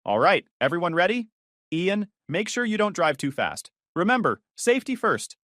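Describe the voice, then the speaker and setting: A man's voice: high-pitched, big pitch swings, moderate pace, dry recording, clean studio sound, pitched above the performer's own voice. A man voicing a fussy, overly cheerful older mother in a narrated story. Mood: chirpy. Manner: bright, bossy, fussing.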